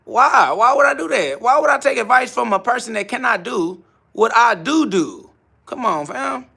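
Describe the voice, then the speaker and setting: Brash gravelly-voiced man ranting on a live stream. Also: very high-pitched, animated, moderate pace, bright, forceful tone. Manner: brash, boastful, repetitive. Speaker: livestream host. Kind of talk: confrontational live stream rant answering comments. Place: home garage gym.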